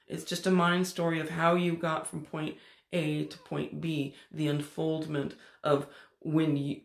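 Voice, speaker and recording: A man hosts a spiritual teaching talk, with enthusiastic, preachy delivery. His voice sits fairly high with a gravelly edge. The room around him is echoey. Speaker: spiritual channel host.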